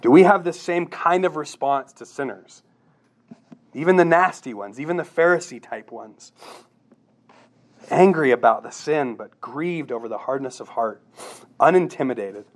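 A man's voice: mid-range voice, lively intonation, normal speed, long pauses. A man preaching a sermon, earnest, asking rhetorical questions and repeating himself as he presses a point.

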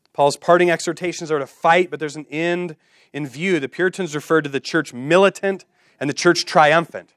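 Man, pastor preaching, impassioned, repetitive exhortations, slightly high voice, dry close mic. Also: fairly even intonation, moderate pace, a bit bright, dry recording. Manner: impassioned preaching with repeated phrases and rising exhortations. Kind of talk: sermon.

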